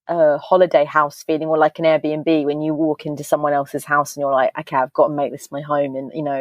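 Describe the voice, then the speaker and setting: Low-voiced woman, candid storytelling. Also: no room sound. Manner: open, tumbling storytelling that acts out quoted voices. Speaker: podcast guest, author. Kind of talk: candid casual interview chat. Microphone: video call.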